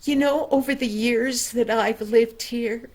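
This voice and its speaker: A kindly old neighbor woman in a storybook, gracious and warmly emphatic, in a raised, slightly higher voice, as a grandmother puts her on. She speaks slowly and pleasantly, savoring every word. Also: fairly even intonation.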